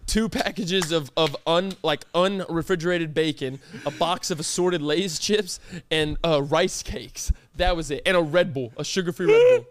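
A man's voice: on the high side, unhurried. A young man co-hosting a podcast, animatedly telling a funny story, swearing and breaking into laughter. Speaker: podcast co-host. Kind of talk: casual storytelling chat.

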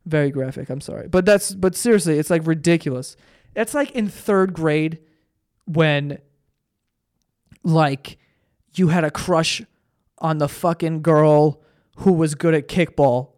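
A man's voice: fairly high pitch, unhurried, long pauses, a little mellow. A young man hosting a solo podcast, ranting profanely and mocking people in put-on voices. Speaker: podcast host. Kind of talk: solo comedic podcast rant with ad read.

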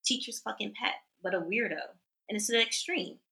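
Blunt, bright-voiced woman podcaster. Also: medium pitch, fairly quick, creaky. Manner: blunt, emphatic, swears freely. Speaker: podcast co-host. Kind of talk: casual chat.

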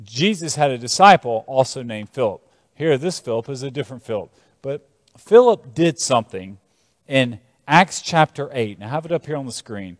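A man preaching a sermon, retelling scripture as animated stories with shifting emphasis. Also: mid-range voice, moderate pace, no room sound, in a large hall.

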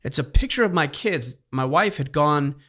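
A man's voice: a little high, animated, normal speed, fairly bright tone. A middle-aged man hosting a podcast, telling personal stories in an earnest, heartfelt way in casual conversation. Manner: earnest storytelling, emotional at times. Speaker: podcast host.

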